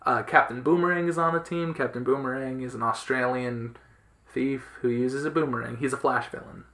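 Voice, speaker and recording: A man's voice: mid-range voice, fairly even intonation, a little fast, fairly bright tone. Rambling enthusiastic podcast host, a man. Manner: enthusiastic, rambling, many fillers. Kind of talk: casual chat about comics.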